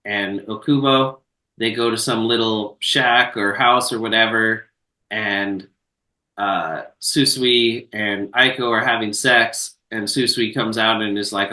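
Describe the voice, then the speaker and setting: A man co-hosting a podcast recaps a film in a loose, profane storytelling style. His voice is bright and forward. He sits a little back from the mic, and the room around him is echoey. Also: fairly low pitch, steady tone, slow pace, distant mic. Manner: laid-back, profane storytelling with filler words. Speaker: podcast co-host. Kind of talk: casual chat recapping a film.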